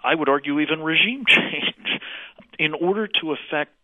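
A man's voice: on the high side, normal speed, no echo. A man speaks assertively over a tinny, phone-like line, leaning on key words. The sound is dry and narrow. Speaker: interviewee.

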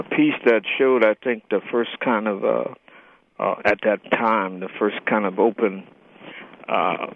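An older man, a writer and guest, talking in a radio interview with many fillers and restarts. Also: lowish voice. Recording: tinny phone line.

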